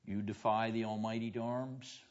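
A man's voice: on the low side, flat delivery, moderate pace. Emphatic male lecturer in a classroom. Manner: emphatic, with rhetorical questions; quizzes students by name. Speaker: seminary lecturer. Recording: dull lo-fi classroom recording.

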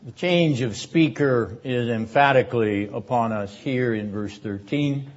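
An older man teaching a seminary class on scripture in a measured, deliberate lecture style. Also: mid-range voice. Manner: measured, deliberate delivery, rising in force for quoted verses. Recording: dull lo-fi lecture recording.

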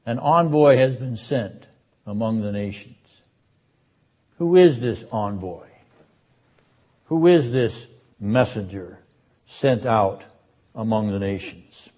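A man's voice: lowish voice, expressive, darkish tone. Older man lecturing on scripture, dull recording. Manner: measured, emphatic, sounds out Hebrew words. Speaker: seminary lecturer. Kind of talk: classroom Bible lecture.

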